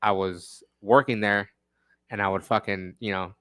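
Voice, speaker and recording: A man hosting a podcast, telling a rambling, profane story in a casual, animated way. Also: fairly low pitch, unhurried, smooth. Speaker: podcast host.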